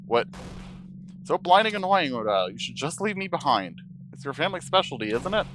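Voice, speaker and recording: A man voicing a tense, cornered young traveler who lashes out with bitter, defensive shouting as he reads game dialogue aloud. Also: medium pitch, big pitch swings, fast, a little hiss or hum. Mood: angry, lashing out.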